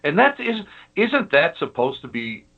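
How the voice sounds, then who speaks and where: Guest man, lively emphatic storyteller, muffled lo-fi line. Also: on the high side, unhurried, breathy edge. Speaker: guest, paranormal investigator. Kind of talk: casual chat.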